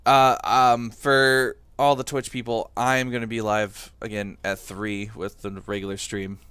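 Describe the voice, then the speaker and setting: A man's voice: medium pitch, level tone, unhurried, a bit bright, clean tone, dry recording. Laid-back swearing young man, dry close sound. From Boston area, USA. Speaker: podcast co-host. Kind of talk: casual chat.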